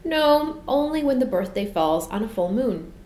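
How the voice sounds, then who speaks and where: A woman voicing a polite bear who speaks calmly and a little wryly. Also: on the high side, normal speed, echoey room, slight background noise, pitched above the performer's own voice. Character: polite, calm male bear at a gate.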